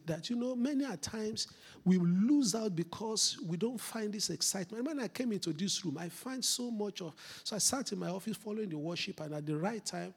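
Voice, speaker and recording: A male pastor preaching in church, his voice gravelly and rough-edged. He sits a little high for a man, and he swings between loud exhortation and hushed intensity, repeating his key lines for emphasis. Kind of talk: sermon.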